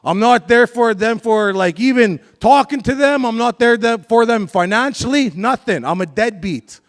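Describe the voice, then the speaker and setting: High-voiced man telling his story. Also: moderate pace. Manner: candid, confessional storytelling with audience banter. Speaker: speaker sharing his life story. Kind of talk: live motivational talk to an audience.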